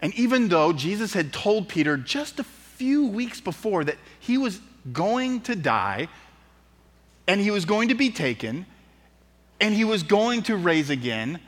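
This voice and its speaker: In an auditorium full of long reverb, a high-pitched pastor preaches unhurriedly. He tells the story in a lively way and acts out its quotes.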